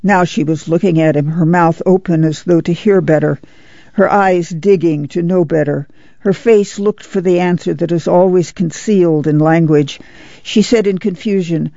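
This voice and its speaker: A woman reading an audiobook aloud in a measured storytelling manner. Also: deep voice, steady tone, warm tone, no room sound, muffled recording. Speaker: audiobook reader. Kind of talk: scripted narration.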